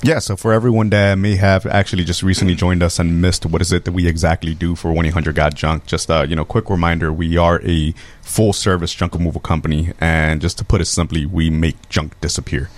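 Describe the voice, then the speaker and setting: An easygoing man making a friendly pitch for his company on a radio show. His voice is very deep. He talks plainly and calmly from the studio. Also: brisk, hardly any pauses. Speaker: business guest. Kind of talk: promotional explanation.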